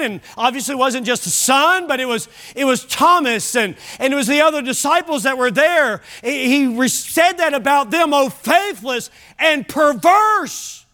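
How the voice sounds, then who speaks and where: High-voiced emphatic man preaching. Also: expressive, moderate pace. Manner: emphatic, swings from loud exhortation to soft hushed lines; conversational asides to the congregation. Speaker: pastor. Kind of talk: sermon.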